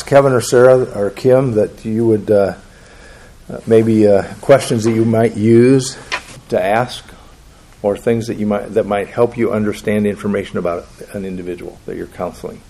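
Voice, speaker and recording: Lowish, creaky, and dark in tone, a man's voice fills a roomy classroom with faint noise. As counseling instructor, he asks the class questions and performs the replies people give.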